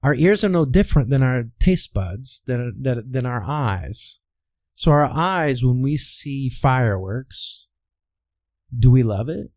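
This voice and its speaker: A man's voice: medium pitch, lively intonation, slow, darkish tone, no room sound. A man from the American Midwest, a voice coach, explaining as an interview guest in a teacherly way, asking rhetorical questions and answering them himself. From Midwestern United States.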